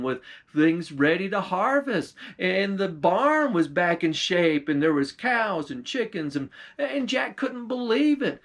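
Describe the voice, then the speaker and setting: A man's voice: fairly high pitch, fairly bright tone. A man telling a folktale in a drawling, folksy manner, then drawing a moral. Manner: drawling, folksy, repeats "why". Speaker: storyteller.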